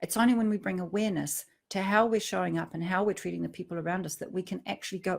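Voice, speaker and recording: A middle-aged woman talks earnestly about emotions and relationships, with a gravelly edge to her voice. She drops to hushed tones and then pushes up into emphatic, lifted phrases. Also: on the low side, fairly even intonation, fast, hardly any pauses. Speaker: speaker on emotional triggers. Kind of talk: reflective personal talk.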